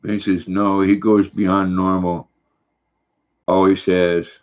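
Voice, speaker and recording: Folksy older man, low voice, lo-fi. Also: flat delivery. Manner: folksy, rambling, drawn-out. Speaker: livestream host. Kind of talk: casual chat reading viewer comments. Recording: dull lo-fi recording.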